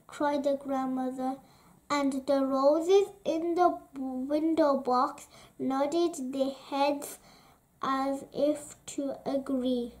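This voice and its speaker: Woman reading a children's story aloud, gentle and expressive, high voice, very slow. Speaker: storybook reader.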